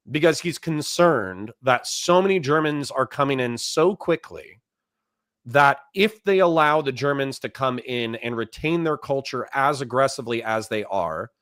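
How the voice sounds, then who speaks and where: A man's voice: medium pitch, fairly bright tone, no echo, clean studio sound. A young man hosting a livestream, reading old quotes aloud and ranting with profanity and rhetorical questions. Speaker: host. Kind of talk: livestream commentary.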